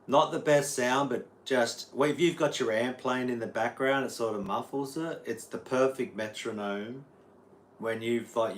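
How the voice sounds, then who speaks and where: A man's voice: lowish voice, a little hiss or hum. An Australian man, a guitar teacher, rambling casually on a livestream and answering viewers' chat. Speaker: guitar teacher streaming live.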